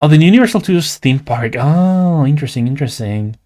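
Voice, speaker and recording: A man's voice: fairly high pitch, expressive, fairly quick, darkish tone. A young man from Latin America with a Latin American Spanish accent, chatting casually and playfully on a livestream while he draws, rambling with lots of "like". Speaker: streamer and artist.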